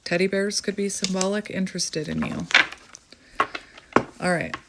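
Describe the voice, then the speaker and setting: A woman's voice: medium pitch, measured pace, heavy background noise. A woman chatting casually as she gives a tarot reading, laughing often and thinking aloud. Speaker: tarot reader.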